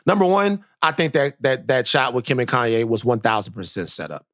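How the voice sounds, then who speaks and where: A man co-hosting a podcast, telling stories in a casual, animated way and repeating phrases for emphasis. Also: mid-range voice, fairly quick. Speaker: podcast co-host. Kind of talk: casual chat, animated storytelling.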